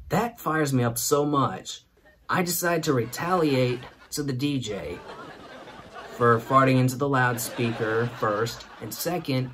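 A man's voice: mid-range voice, noisy background. A man hosting a show, telling a comic story and laughing through it. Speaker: host. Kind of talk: comedic storytelling.

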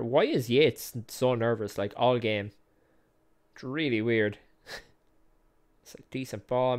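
A man's voice: medium pitch, smooth. A man hosting a gaming video, calling the match play by play in a chatty, self-mocking way and laughing often. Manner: calls match action play by play. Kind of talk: casual let's-play commentary.

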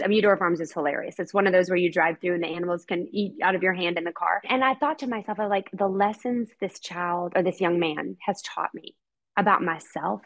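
A middle-aged woman with a husky, breathy edge talks as a podcast guest. Her delivery is candid and heartfelt, chatty, with easy laughs, in a pitch that sits in the ordinary middle for a woman. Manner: heartfelt and chatty, laughs often, acts out quoted people. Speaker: guest, mother of an autistic son.

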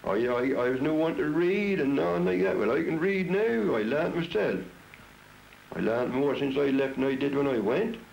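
Gravelly old Norfolk countryman. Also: mid-range voice, animated, moderate pace, darkish tone. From Norfolk, England. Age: 70s. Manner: blunt, repeats himself. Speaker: interviewee, traditional folk singer. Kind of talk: plain reminiscing in conversation. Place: his own home. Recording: dull lo-fi 1962 home tape with hiss.

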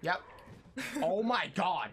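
A man's voice: sits high, expressive, takes it slowly, a bit bright, slight background noise. A young man casually commentating a video game, bossily coaching and teasing the player while swearing a lot. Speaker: gaming channel host coaching a player. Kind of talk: casual let's-play commentary.

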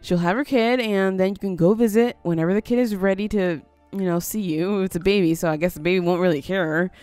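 A woman's voice: medium pitch, fairly quick, darkish tone, smooth, dry recording, faint music behind. A woman giving casual let's-play commentary, chatty and easily surprised, coaxing her game character along. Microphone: headphones on, desk mic.

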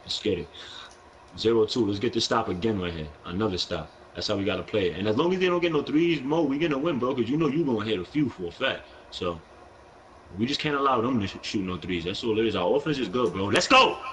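A man's voice: lowish voice, expressive, fast talker, fairly bright tone, a little hiss or hum, rough recording. A young man with a New York accent, live-streaming a basketball video game, talking in brash, profane trash talk with an aggressive edge. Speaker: gaming streamer.

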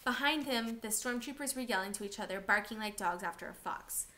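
A woman reading a novel aloud for a class, steady and expressive. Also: fairly high pitch, a little fast, background noise.

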